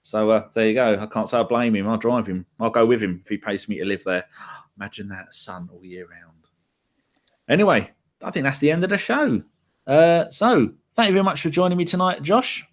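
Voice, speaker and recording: A man's voice: medium pitch, lively intonation, fairly quick. A man from London with a London accent, hosting a casual podcast chat, sweary and full of banter. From England. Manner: sweary, banter-heavy, rambling. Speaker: podcast host.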